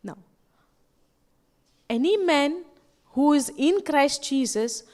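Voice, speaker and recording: A woman preaches at a retreat in a very high voice. She keeps asking her listeners questions. She slows down and stresses each word when she quotes scripture. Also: expressive, a little mellow. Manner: asks the crowd questions over and over. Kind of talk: sermon at a retreat. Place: retreat hall.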